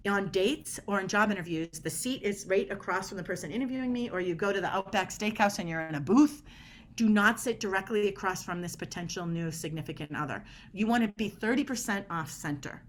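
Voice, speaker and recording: A woman's voice: medium pitch, a little fast, slight background noise. A middle-aged woman guest on a podcast interview, explaining body language in an emphatic way and acting out quoted dialogue.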